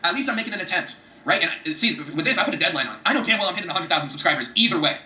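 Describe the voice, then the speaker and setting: A man giving a fast, profane, emphatic motivational talk about setting goals, often repeating himself for emphasis. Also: high voice, lively intonation, sharp tone, reverberant. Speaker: vlogger giving trading and goal-setting advice.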